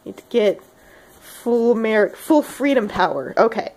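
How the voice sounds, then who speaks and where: A woman's voice: a little high, very animated, normal speed, darkish tone. A young woman rambling casually in a solo video, giggling and self-deprecating.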